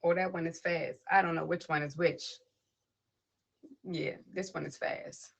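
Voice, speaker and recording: A woman's voice: deep voice, steady tone, unhurried, creaky, low-quality recording. A woman hosting a poetry livestream who reads a spoken word piece and then chats casually, greeting viewers and people passing by name. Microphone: tablet device.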